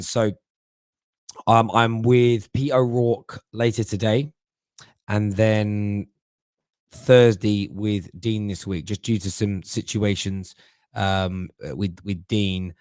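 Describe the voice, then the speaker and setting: A man's voice: on the low side, fairly even intonation, slow, a little mellow, dry recording, clean studio sound. A middle-aged man hosting a casual live stream, reading out viewer comments and often repeating words as he thinks. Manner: chatty, stumbles and repeats words while thinking. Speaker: host of a football fan live stream.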